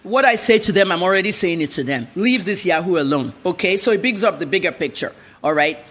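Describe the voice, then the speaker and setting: A woman's voice: fairly low pitch, expressive, fast, a bit bright. A woman journalist, a guest in a TV news interview, telling her story bluntly and with animation.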